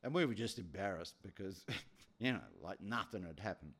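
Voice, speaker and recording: Lively man preaching. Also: low voice, moderate pace, breathy edge. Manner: animated storyteller with many repetitions. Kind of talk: sermon with storytelling.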